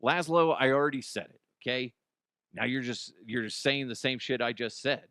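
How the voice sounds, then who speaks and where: A male podcast host delivers a sarcastic, swear-heavy comedic rant. His voice swings between loud outbursts and low mutters, at a middle pitch. The sound is dry and close. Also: moderate pace, no room sound.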